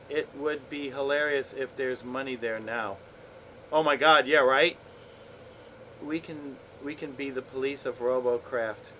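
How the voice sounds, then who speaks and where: A man's voice: medium pitch, pushed and bright, a little hiss or hum, low-quality recording. A man streaming a game, chatting casually with viewers in a laid-back, playful way and swearing often. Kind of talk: casual chat with chat while gaming.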